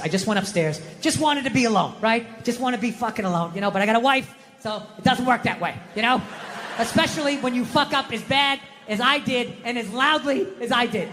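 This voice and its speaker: A man's voice: very high voice, a bit bright. A middle-aged man doing stand-up comedy, telling exasperated, profane stories and acting out the people in them. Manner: profane, exasperated storytelling with acted-out quotes. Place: live comedy venue. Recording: live reverb hall with faint noise.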